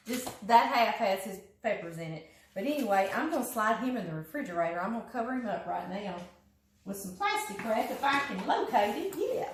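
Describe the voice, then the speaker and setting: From her home kitchen, a Louisiana woman with a Southern accent hosts a cooking show, chatting in a casual, folksy way, laughing often and calling the food "him." Her voice is medium in pitch, and the audio is reverberant and poor.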